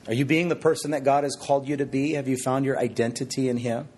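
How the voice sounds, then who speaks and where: A man preaching a sermon, expressive and full of rhetorical questions with shifting emphasis. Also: mid-range voice, fast talker, breathy edge.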